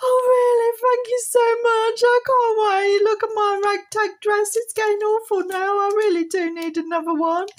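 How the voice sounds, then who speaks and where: A woman voicing a sweet, sad little female wallet character in a high, squeaky, gushing voice. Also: little pitch movement, moderate pace, hardly any pauses. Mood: delighted.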